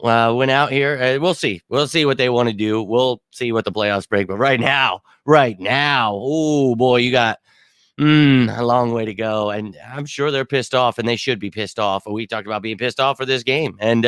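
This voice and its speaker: A man's voice: mid-range voice, moderate pace, fairly bright tone, clean tone, no echo. A man hosting a sports fan show, ranting after a bad loss, still shaken and irate, stumbling and restarting often. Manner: angry, exasperated rant with frequent restarts. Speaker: podcast host. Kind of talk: postgame fan reaction talk.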